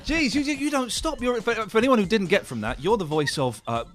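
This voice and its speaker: A quick, teasing male podcast host. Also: high-pitched, huge pitch swings, fairly bright tone, faint music behind. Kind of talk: casual interview chat.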